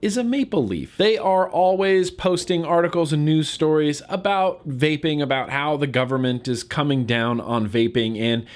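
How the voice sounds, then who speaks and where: A man's voice: a little high, normal speed, few pauses. Fired-up emphatic male vlogger. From California. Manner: fired up, emphatic, repeats words for stress. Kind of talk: casual vlog rant.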